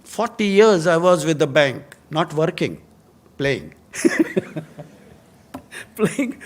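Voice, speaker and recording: An older man with an Indian English accent speaks in a voice pitched a little above most men's. He tells anecdotes to students in a lively, chatty way and often breaks into a chuckle. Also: takes it slowly. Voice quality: lively storyteller, chuckles often at his own tales. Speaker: guest speaker.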